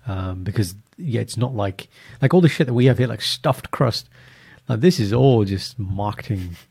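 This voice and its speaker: Animated man, low voice. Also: moderate pace, gravelly, breathy edge. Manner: animated, laughing, British slang. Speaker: podcast co-host. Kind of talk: casual chat.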